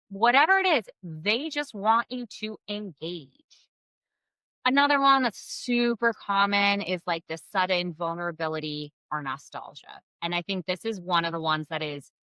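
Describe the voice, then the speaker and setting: A woman giving blunt, expressive co-parenting advice straight to her viewers, swearing freely. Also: fairly low pitch, dry recording, rough recording. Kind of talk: casual advice to camera.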